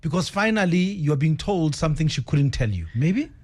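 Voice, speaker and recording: A man's voice: fairly high pitch, lively intonation, normal speed, a little mellow, slightly rough. A South African man hosting a radio interview, prompting the guest and summing up her story. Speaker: radio host.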